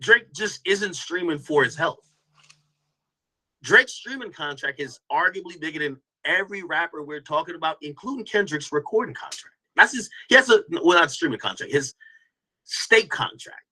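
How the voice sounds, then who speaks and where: A man's voice: on the high side, animated, moderate pace, pushed and bright, slightly rough, rough recording. A man hosting a casual commentary stream, talking loosely to his chat with lots of restarts and slang. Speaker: host reacting to a stream clip.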